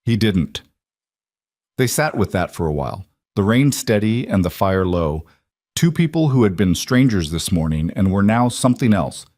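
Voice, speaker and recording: A man narrating a western romance story in a calm, even storytelling manner. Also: on the low side, normal speed, no room sound, clean studio sound. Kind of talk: scripted narration.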